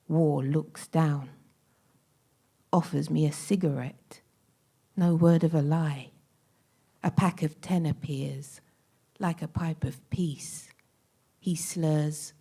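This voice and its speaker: Woman, poetry reading, low pitch, mellow dark tone, measured emphatic delivery. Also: steady tone. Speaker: poet reading her entry.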